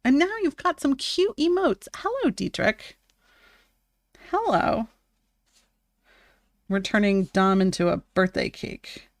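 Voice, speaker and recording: Woman streamer, casual live chat, mid-pitched, chatty filler talk, dry close sound. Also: creaky, dry recording. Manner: chatty, fills with "like", bursts into high greetings.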